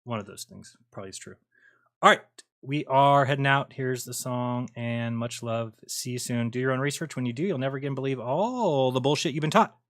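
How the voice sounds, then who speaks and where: A man's voice: mid-range voice, brisk, fairly bright tone. A man hosting a livestream who rambles casually and swears now and then. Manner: rambling, laid-back, swears. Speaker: livestream host.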